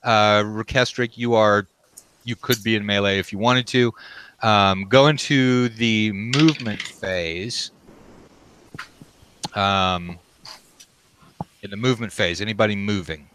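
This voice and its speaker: Game master: man with a low, crisp voice, halting and relaxed, full of ums. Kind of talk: running a tabletop game.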